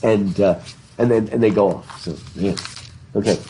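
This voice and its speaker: Through a face mask in a live classroom, a man with a lowish, mellow voice lectures on literature at a normal pace. He's chatty and casual, quizzes his students, and restarts his sentences with repeated words. A little hiss or hum is audible.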